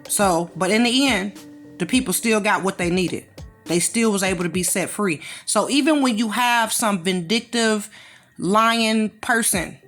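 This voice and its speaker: A woman's voice: medium pitch, fairly bright tone. Sassy preachy woman with a drawl. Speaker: commentary channel host. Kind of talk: casual monologue commentary.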